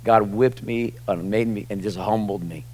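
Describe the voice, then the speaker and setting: A man's voice: on the low side, normal speed, darkish tone. Man preaching a conversational sermon. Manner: conversational preaching with casual fillers. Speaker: pastor. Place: church sanctuary with a congregation.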